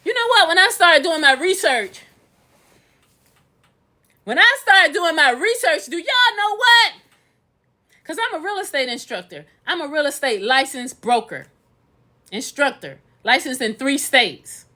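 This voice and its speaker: A woman rants casually to her live viewers through a phone. Her voice sits high and sounds bright and forceful. She leans on emphatic, sing-song repetitions to drive each point home. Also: lively intonation, measured pace, long pauses. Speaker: livestreamer and real estate instructor. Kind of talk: casual livestream rant.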